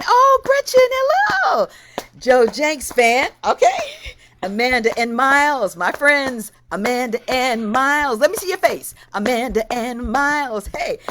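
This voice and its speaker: A woman hosts a livestream from home, greeting her viewers one by one with bursts of delight. Her voice sits a little high and she takes her time. Faint noise runs under the video call. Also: fairly bright tone. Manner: effusive, exclamatory greetings. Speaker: host.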